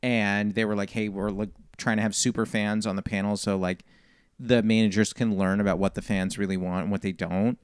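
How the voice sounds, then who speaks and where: A man's voice: fairly low pitch, a little fast, clean tone, no echo, clean studio sound. A man and comedian telling a long story in a casual podcast chat, acting out the people in it. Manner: animated storyteller, quotes people. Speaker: comedian guest.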